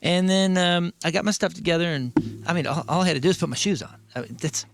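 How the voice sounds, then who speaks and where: A man's voice: sits high, fast, gravelly, noisy background. A man co-hosting a talk show, telling a long story in casual banter, stammering and acting out quotes. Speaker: radio show co-host.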